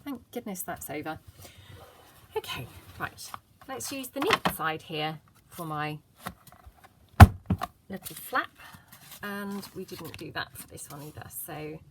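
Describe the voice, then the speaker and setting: A woman's voice: sits low, lively intonation, slow, long pauses, heavy background noise. A woman hosting a casual craft tutorial, chatting and muttering to herself as she works, cheerfully self-deprecating.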